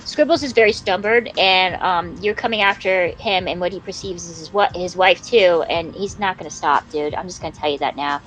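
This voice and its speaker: A woman's voice: lowish voice, brisk, hardly any pauses, fairly bright tone, a little hiss or hum, rough recording. A woman in her forties from Canada, rambling in casual, profane live-stream chat while she plays a game, saying dude a lot. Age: 40s.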